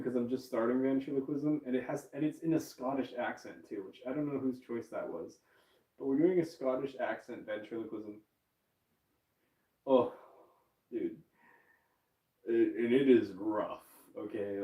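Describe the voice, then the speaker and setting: A man's voice: mid-range voice, warm tone. Male streamer, casual self-mocking chatter, roomy echo. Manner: rambling, frequent fillers, self-mocking laughs. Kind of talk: casual chat to viewers. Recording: roomy echo, distant from mic.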